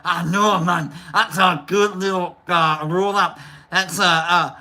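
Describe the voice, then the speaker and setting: A woman's voice: mid-range voice, slow pace, sharp tone. A woman hosting a casual livestream, rambling, swearing and joking as she greets chat members by name. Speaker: livestream host.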